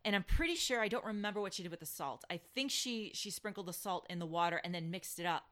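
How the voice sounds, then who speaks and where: A woman's voice: on the low side, fast talker. A woman co-hosting a podcast, telling a family story in casual chat with lots of restarts. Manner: animated storyteller, many restarts and fillers. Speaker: podcast co-host.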